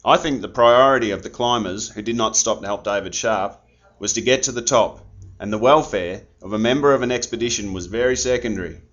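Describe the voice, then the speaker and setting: Older man, low voice, firm formal speech, dull lo-fi sound. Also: brisk, fairly bright tone. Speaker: interviewee. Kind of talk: interview. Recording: dull lo-fi audio.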